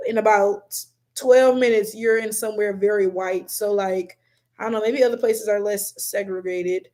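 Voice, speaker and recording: Blunt, animated Detroit woman streaming. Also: medium pitch, moderate pace. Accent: African American English. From Detroit, USA. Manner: animated, blunt, swears a lot, laughs often. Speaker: livestream host reading chat. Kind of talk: casual livestream chat.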